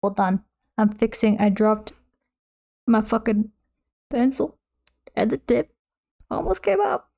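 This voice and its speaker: Young woman on a painting stream, chatty and sweary, kinda high mellow voice. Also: very animated, slow pace, creaky, long pauses. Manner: playful, swears freely, chatty. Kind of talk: casual chat while painting.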